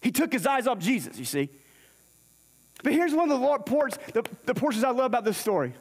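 A man preaches a sermon in a church sanctuary, his very high-pitched voice moving a little fast with big pitch swings. Storytelling from scripture, he plays out the characters' lines, and the hall adds long reverb.

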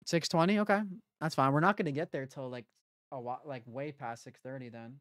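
A man's voice: mid-range voice, fairly quick, a bit bright, dry recording, studio quality. A young man streaming a game, chatting casually and answering his chat. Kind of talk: casual live-stream chat while gaming.

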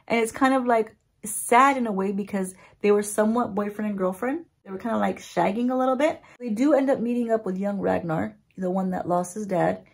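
A woman beauty vlogger recapping a story in a chatty, animated way, with casual swearing. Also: medium pitch, fairly quick, gravelly, breathy edge.

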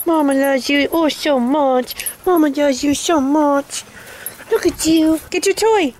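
A woman's voice: sits high, a little slow, darkish tone, a little hiss or hum. A woman talking baby talk to her dog into a camcorder, coaxing and repeating praise in a sing-song way. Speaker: dog owner.

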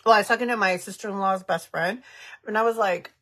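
A woman's voice: medium pitch, fast talker, a bit bright. A woman in her thirties chatting casually on a makeup livestream, giggling often and reading viewer comments aloud. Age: 30s.

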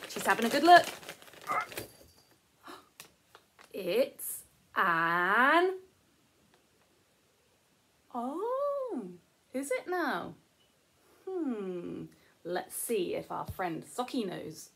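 A woman's voice: fairly high pitch, fairly bright tone, a little hiss or hum. A woman teacher giving a playful, sing-song lesson to young children.

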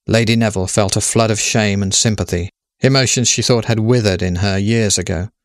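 A man narrating a story in a measured, steady way. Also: lowish voice, no echo, studio quality.

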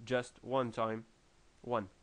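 A man with a French accent explaining programming logic in a tutorial, halting with many fillers and restarts. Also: medium pitch, little pitch movement, fairly bright tone. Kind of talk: screen-recorded coding tutorial.

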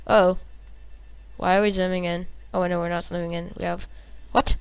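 A woman hosting a gaming channel, giving live gameplay commentary in an excitable, reactive way, cursing and humming little tunes. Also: medium pitch, fast talker, clean tone, no echo, rough recording.

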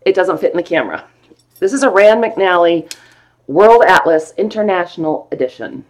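A woman with a fairly low voice hosts a live online sale of old books. She chats playfully and gushes over the paper and maps. Her talk is loose and easygoing. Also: lively intonation, normal speed. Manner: gushing, playful, chatty about old books. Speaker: host selling vintage books on a live stream. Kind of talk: casual live sale chat.

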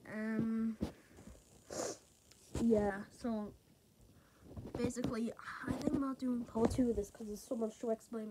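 A woman chatting casually in a hotel room, out of breath, rambling with many fillers and restarts. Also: fairly high pitch. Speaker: vlogger. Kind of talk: casual vlog chat. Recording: loud background noise. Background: loud noise.

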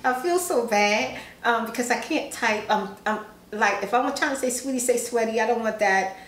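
A woman's voice: a little high, moderate pace, a bit bright, echoey room, rough recording. A woman vlogger who chats casually and giggles often while reading fan messages aloud, sounding sleepy. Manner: chatty, giggly, self-teasing. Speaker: ASMR vlogger.

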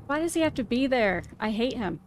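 A woman streaming a video game live, cursing at her companions and laughing, sometimes shouting in panic. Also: a little high, lively intonation, fairly quick, slight background noise. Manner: swearing, exasperated, laughing; shouts in panic at tense moments. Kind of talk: live gameplay commentary.

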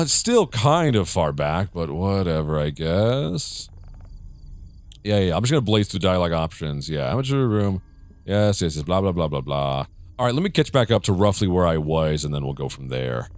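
A man from the United States giving rambling, profane let's play commentary, with jumpy reactions as he plays a horror game. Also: fairly low pitch. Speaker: gamer.

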